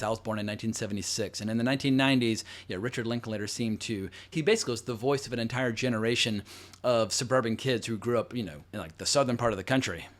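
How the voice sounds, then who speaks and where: Rambling man in his forties. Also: lowish voice. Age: 40s. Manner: rambling, conversational, with asides and fillers. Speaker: host. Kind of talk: casual film commentary.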